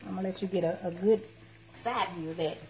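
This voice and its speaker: A woman's voice: lowish voice, quick pace, a little mellow, a little hiss or hum. A woman cooking at home on a live stream, chatting and teasing as she talks to her viewers. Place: home kitchen. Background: clatter of dishes and cutlery.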